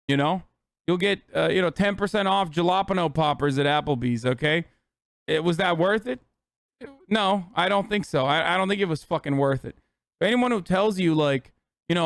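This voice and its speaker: A man's voice: on the high side, normal speed, no room sound. Angry profane man ranting, dry close mic. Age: 30s. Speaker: streamer. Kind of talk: heated political commentary.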